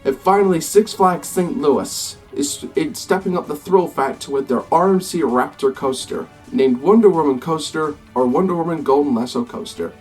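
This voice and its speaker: A man putting on an American accent to voice a slow, grand theme-park announcer in promotional style. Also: a little high, a little mellow, natural voice. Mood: announcing. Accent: put-on American. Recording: slightly distant mic, faint music behind.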